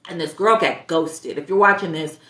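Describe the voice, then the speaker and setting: A woman's voice: on the low side, moderate pace, pushed and bright. Woman life coach in an echoey room. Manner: direct, questioning the viewer, laughs at herself. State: a little stuffy from allergies. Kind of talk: casual advice monologue.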